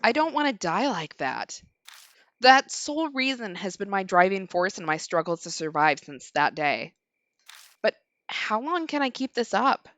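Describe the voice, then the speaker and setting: A weary, frightened young lord narrates his ordeal, read aloud by a woman streamer. Her voice is bright and animated, swinging up and down. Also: mid-range voice, measured pace, no echo. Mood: uneasy. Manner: reading game narration aloud. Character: haunted young male lord, anxious and weary.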